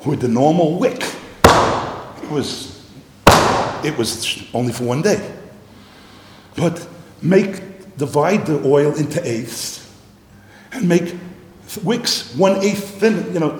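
Lively man teaching in an echoey hall. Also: a little high. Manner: animated, repeats phrases, mixes Yiddish and Hebrew terms. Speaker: Torah teacher. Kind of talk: Talmudic lecture. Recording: echoey hall, faint noise.

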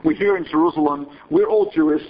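A high, husky male voice belongs to a rabbi telling a story to his students. He talks in a chatty way, wanders off on side remarks and keeps checking in with a quick "right?". The recording sounds dull and lo-fi. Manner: digressive and chatty, checks in with listeners with rhetorical "right?". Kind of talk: storytelling lecture.

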